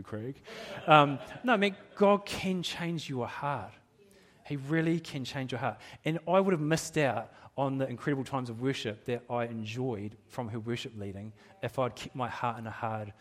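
A middle-aged man preaching to his congregation in a church hall. His pitch sits at an ordinary middle level, and he talks in a candid, self-deprecating way. He chuckles at his own admissions and stumbles through restarts as he goes. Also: fairly bright tone. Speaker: pastor. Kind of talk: sermon.

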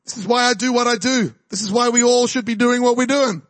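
A man's voice: very high voice, fairly even intonation, fairly quick, no room sound. A man from New preaching a charismatic sermon, exhorting the crowd and praying in tongues during the altar call. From New Zealand. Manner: fervent, exhorting, speaks in tongues. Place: church service with music behind.

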